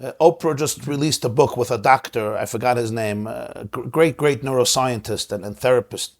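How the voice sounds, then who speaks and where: A man of ordinary pitch leads the discussion as a rabbi. He talks with strong feeling, often repeating words as he gathers a thought. He drops into soft, low asides and then climbs high on the words he stresses. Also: moderate pace. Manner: emphatic, repeats words while searching for them. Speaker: rabbi and host. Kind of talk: conversational discussion.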